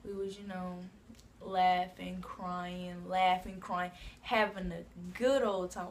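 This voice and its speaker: A woman's voice: on the low side, level tone, a little slow, background noise. Chatty woman rambling through a storytime. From New Jersey. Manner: rambling, many "like" and "you know what I'm saying" asides. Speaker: vlogger. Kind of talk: casual storytime.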